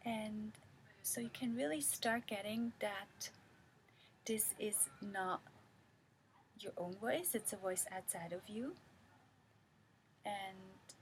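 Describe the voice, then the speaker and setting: A woman teaching a creativity course, talking earnestly and slowly, with small restarts as she guides listeners through an exercise. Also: medium pitch, low-quality recording. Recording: background noise.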